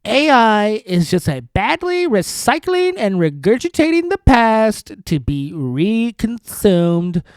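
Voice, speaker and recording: This is a man putting on an indignant woman's voice, reading a scornful statement at a crawl. The drawn-out, mocking delivery rises and falls widely in pitch. The sound is close and dry. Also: a little mellow, no echo.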